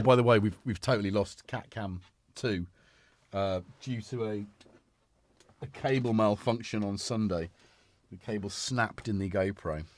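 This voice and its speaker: A man's voice: fairly low pitch, gravelly. A man hosting a livestream, chatting in a rambling way that trails off mid-thought. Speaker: livestream host. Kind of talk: casual livestream chat. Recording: synth music playing underneath.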